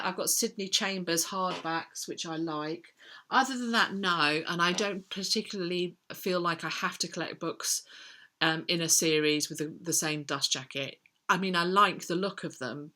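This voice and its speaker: A middle-aged woman with a slightly low but bright, clear voice. She talks through viewer questions in a relaxed, chatty way, often pausing on an um while she thinks. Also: a little hiss or hum. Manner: chatty, thinks aloud with many ums. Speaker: book vlogger answering viewer questions. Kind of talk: casual chat.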